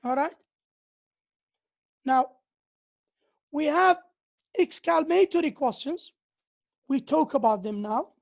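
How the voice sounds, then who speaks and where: A woman's voice: high-pitched, animated, takes it slowly, creaky, pauses often. A woman lecturing on grammar who often repeats key phrases and reads out examples. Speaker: university lecturer. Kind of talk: slow lecture on English grammar.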